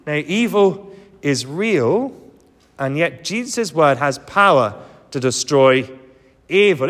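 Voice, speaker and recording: A man's voice: fairly high pitch, lively intonation, measured pace, fairly bright tone, big-room sound. A man preaching a sermon, earnest and emphatic, coming back to key phrases again and again.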